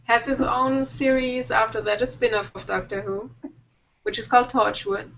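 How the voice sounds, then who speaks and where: Native German woman from the south, live-stream co-host; playful casual chat, bright tone. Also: fairly high pitch, fairly even intonation, normal speed. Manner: chatty and playful, laughs easily. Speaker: co-host of a live web show. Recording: dull lo-fi stream audio.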